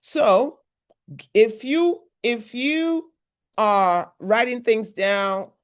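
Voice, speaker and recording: A woman's voice: on the high side, lively intonation, drawn-out words. Emphatic woman therapist at a workshop. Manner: conversational, repetitive, emphatic asides. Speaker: therapist giving a workshop talk. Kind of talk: motivational workshop talk.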